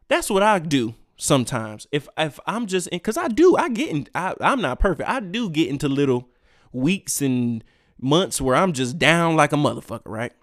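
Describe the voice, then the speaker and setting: A man ranting on his own podcast, profane and emphatic, swinging between loud outbursts and quiet asides. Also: medium pitch, no room sound, studio quality. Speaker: podcast host. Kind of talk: solo ranting podcast monologue.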